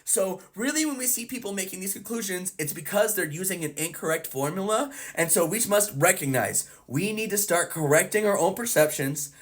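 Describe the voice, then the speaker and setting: This educational explainer has a therapist unpacking a psychology topic through everyday scenarios, performing the inner thoughts of the people involved. The voice sits at medium pitch, expressive and brisk, with hardly any pauses.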